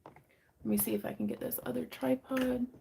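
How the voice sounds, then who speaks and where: A woman's voice: fairly high pitch, steady tone, moderate pace, creaky, heavy background noise. A woman, hosting a casual livestream sale from her home craft room, chatty and rambling, reading viewer comments and laughing often.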